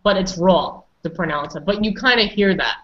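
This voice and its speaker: A woman's voice: medium pitch, moderate pace, muffled recording. A woman teaching an online English pronunciation class, patiently correcting and prompting her students.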